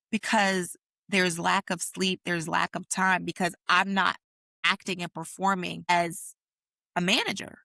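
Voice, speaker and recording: A woman with a gravelly, fry-laced voice speaks emphatically and with passion on a podcast. Her tone is bright and forceful. The sound is dry and close to the mic. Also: mid-range voice, dry recording. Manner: impassioned, emphatic, swears freely. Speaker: podcast co-host. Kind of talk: casual chat.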